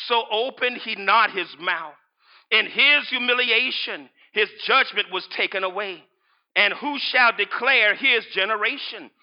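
A male pastor preaching a sermon, repeating lines, shouting at times and reading scripture aloud. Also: high voice, lo-fi sound.

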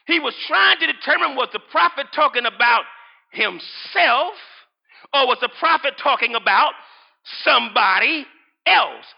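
A male pastor preaching a sermon, repeating lines, shouting at times and reading scripture aloud. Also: extremely high pitch, gravelly, slightly rough, highs cut off.

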